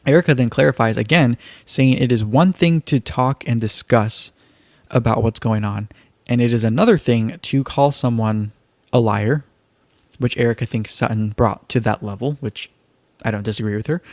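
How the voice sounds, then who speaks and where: A man's voice: medium pitch, moderate pace, dry recording. A man hosting a casual live-streamed recap of a reality show, chatty and loose with wry asides. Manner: chatty, loose, leans on "kind of" and "like"; relaxed storytelling with wry asides.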